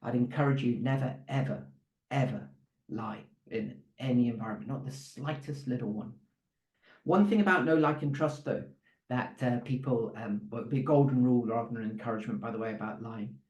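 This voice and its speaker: A man's voice: mid-range voice, fairly quick, a little mellow, roomy sound, highs cut off. A man giving a sales coaching talk to a live audience. He speaks conversationally and often stops to restart with fillers.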